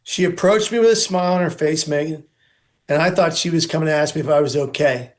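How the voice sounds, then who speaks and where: A man's voice: fairly high pitch, quick pace. A man speaking as an interview guest, earnest and emphatic, building his points in repeated lists. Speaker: guest, suicide prevention speaker. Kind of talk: earnest advocacy talk.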